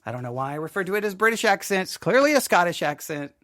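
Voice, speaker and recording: A man's voice: high-pitched, sing-song, quick pace, a bit bright, no room sound. Man from Texas, Texan accent, theology commentary, self-deprecating, dry room. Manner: rambling, self-deprecating, many restarts. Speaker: host.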